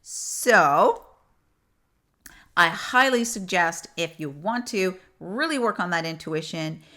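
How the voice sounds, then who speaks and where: A middle-aged woman who coaches intuition, talking casually to camera and telling stories with animated, repeated emphasis. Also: fairly low pitch, takes it slowly. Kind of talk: casual teaching talk.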